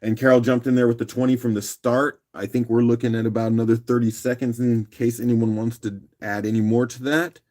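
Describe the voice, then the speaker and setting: A man with a rough morning voice, hosting a live rock auction stream in a relaxed, chatty way and clearing his throat now and then. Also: mid-range voice, a little fast, few pauses. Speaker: livestream auction host. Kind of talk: casual live auction chat.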